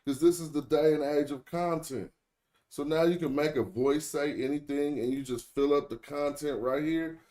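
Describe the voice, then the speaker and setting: Speaking at a moderate pace in a fairly high, mellow voice, this tutorial host runs a relaxed screen-share session. He addresses viewers in a chatty, slang-filled way and frequently fixes his wording partway through sentences.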